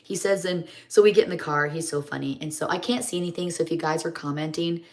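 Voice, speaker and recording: A woman's voice: deep voice, fairly even intonation, quick pace, a little mellow. A middle-aged woman chats in a rambling, homey way while doing her makeup on a live stream. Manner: rambling, homey, chatty storytelling.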